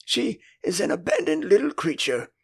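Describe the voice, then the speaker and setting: A man's voice: sits high, huge pitch swings, normal speed, vocal fry, husky, dry recording, clean studio sound, voice pushed up, full character voice. An older man with an English accent voicing a prim, motherly young girl in a storybook audiobook. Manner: prim, earnest.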